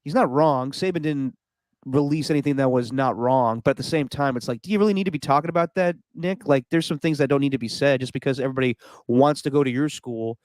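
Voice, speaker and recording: A fast-talking podcast co-host, medium in pitch and a little mellow, trades opinions in casual sports talk, laughing often and doing mock impressions. The recording is dry.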